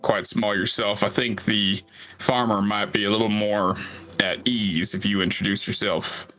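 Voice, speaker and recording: A man's voice: on the low side, fairly even intonation, a little slow, bright, forceful tone, poor audio. A man playing a tabletop game, chatting casually and joking. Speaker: player. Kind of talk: tabletop role-play.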